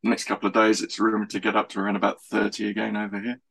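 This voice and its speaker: A man's voice: fairly low pitch, monotone, rapid-fire, creaky, a bit bright, slightly rough, rough recording. A man from London hosting a casual music podcast over a video call, rambling along with many ums. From London, England. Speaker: podcast host. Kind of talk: casual chat. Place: home in Surrey.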